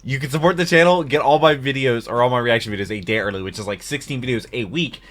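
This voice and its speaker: A man's voice: mid-range voice, quick pace, a bit bright. A man hosting a reaction video, chatting casually and rambling with fillers and asides. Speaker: YouTube reaction host. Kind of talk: casual vlog intro and reaction chat.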